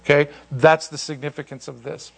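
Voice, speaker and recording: A man leads an informal Bible class, talking in a chatty, animated way. His voice sits a little high. He restarts phrases often and drifts into asides. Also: moderate pace, gravelly. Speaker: pastor teaching a Bible study.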